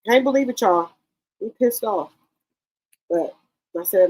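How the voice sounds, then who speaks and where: A woman's voice: mid-range voice, lively intonation, unhurried, darkish tone, low-quality recording. A woman hosting a casual livestream, chatting brashly with her viewers and swearing freely. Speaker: livestream commentary host.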